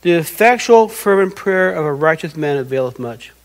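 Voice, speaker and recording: High-voiced earnest male preacher. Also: lively intonation, normal speed, low-quality recording. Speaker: pastor. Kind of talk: sermon.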